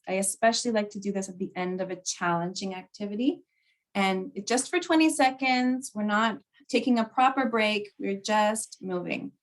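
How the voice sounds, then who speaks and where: Upbeat woman presenting a workshop. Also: medium pitch. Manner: upbeat, laughs often.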